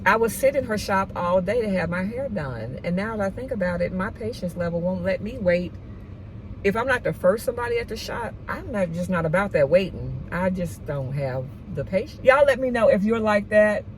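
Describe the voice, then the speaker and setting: A woman, vlogging casually outdoors in her yard and chatting to her viewers, often dropping to a soft hush. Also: on the low side, slight background noise, poor audio. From United States. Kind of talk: casual chat to camera.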